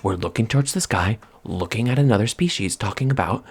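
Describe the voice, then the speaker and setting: A man rambling in soft-spoken ASMR chat at a close microphone, drifting from hushed murmurs to excited outbursts. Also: lowish voice, brisk, breathy edge. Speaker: vlogger.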